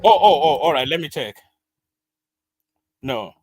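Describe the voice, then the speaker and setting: A man's voice: fairly high pitch, lively intonation, unhurried, a little mellow. A man hosting reaction commentary, musing and hesitant with many uhs. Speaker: host.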